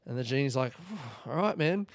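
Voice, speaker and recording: A man spinning a rambling comic story in a dry, close-sounding room. He jumps into the voices of his characters with sudden high-pitched yelps and casual swearing, his voice sitting at a middle pitch the rest of the time. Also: animated, fairly quick, no echo. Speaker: comedian podcast host.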